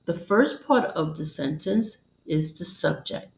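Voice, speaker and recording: Slow, measured woman teaching grammar. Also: fairly low pitch, animated, creaky, darkish tone, a little hiss or hum. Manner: measured, deliberate, instructional. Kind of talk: scripted grammar lesson narration. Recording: roomy echo.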